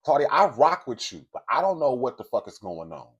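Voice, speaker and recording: Husky-voiced man giving blunt gossip commentary. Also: medium pitch, big pitch swings, a little fast, lo-fi sound. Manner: blunt, profane, conversational storytelling; speaks directly to viewers. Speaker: commentary host. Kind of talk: casual celebrity gossip commentary.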